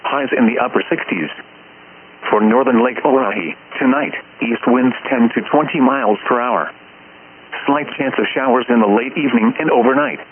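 A man's voice reading an automated weather report in short, clipped, even phrases. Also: mid-range voice, moderate pace. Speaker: weather broadcast voice. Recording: tinny radio broadcast with faint hiss.

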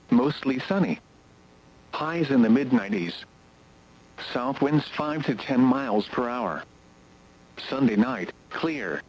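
Husky synthetic male weather voice. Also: medium pitch, low-quality recording. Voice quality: synthetic, mechanical delivery. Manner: steady recitation of numbers and forecasts. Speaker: weather radio announcer. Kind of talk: automated weather broadcast.

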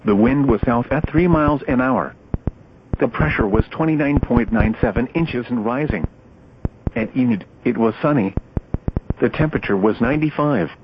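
A man's voice: mid-range voice, normal speed. Synthetic male weather radio voice. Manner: clipped, evenly spaced computer-read phrases. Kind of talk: automated weather broadcast. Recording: dull lo-fi radio with loud static.

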